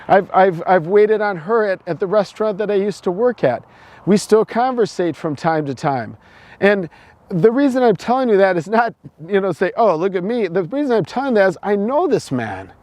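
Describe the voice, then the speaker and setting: A man's voice: high-pitched, lively intonation, moderate pace, a little mellow, dry recording. A middle-aged man from the United States, giving a preachy opinion monologue full of restarts and repeated words. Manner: repetitive, preachy, stumbling restarts.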